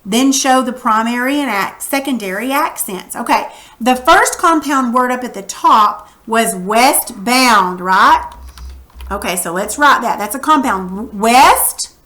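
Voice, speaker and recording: A woman's voice: a little high, lively intonation, a little slow, bright, forceful tone. A woman teacher patiently walking students through a recorded reading lesson, talking casually while she writes on screen. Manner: patient, coaching, casual classroom talk; narrates while writing on screen.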